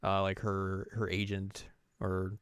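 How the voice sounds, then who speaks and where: A man with a low, smooth voice recaps an anime in a loose, rambling way, full of fillers and little acted-out quotes. The recording is close and dry, with no room sound. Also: monotone, slow, no room sound. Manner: rambling, lots of fillers, acts out characters. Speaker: host. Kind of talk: casual anime recap chat.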